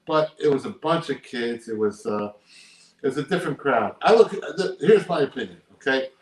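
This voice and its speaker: A man's voice: medium pitch, lively intonation, fairly quick. Emphatic older man in an echoey room. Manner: emphatic, repeats his points. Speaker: guest, poker player. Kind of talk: casual interview chat. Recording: roomy echo.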